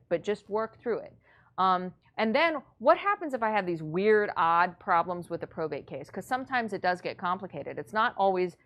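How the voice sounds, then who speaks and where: A woman teaching real estate investors in a blunt, matter-of-fact, motivational way. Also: mid-range voice. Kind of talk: coaching lesson.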